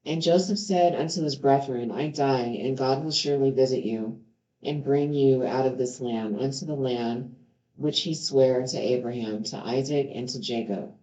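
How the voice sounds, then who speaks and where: With a very deep, mellow voice at a moderate pace, a woman reads scripture and periodically pauses to share earnest, heartfelt thoughts. It's a home recording with a roomy, slightly dull sound.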